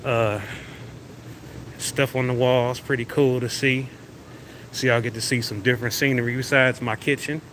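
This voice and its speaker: A man's voice: mid-range voice, steady tone, moderate pace, pauses often, a bit bright. Guy streaming on his phone walking around a big venue, chill rambling, lots of noise behind him. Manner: rambling, easygoing, talks to viewers as y'all. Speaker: livestream host. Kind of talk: casual walking livestream chat. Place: large indoor convention venue. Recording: noisy venue background.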